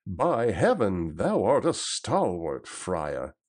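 A man's voice: fairly low pitch, wildly swooping pitch, slow, darkish tone, heavily acted. A man reading the part of a bold outlaw leader, speaking in raised, emphatic old-fashioned phrasing.

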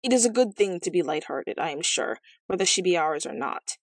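A woman's voice: fairly low pitch, animated, fairly quick, no room sound. Woman doing a pompous, blustering king. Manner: blustering and self-important. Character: pompous, quarrelsome king, middle-aged man.

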